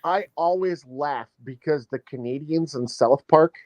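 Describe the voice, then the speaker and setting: A man's voice: a little high, measured pace, dull audio. A man from Minnesota, chatting casually and easily on a podcast. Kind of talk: casual chat.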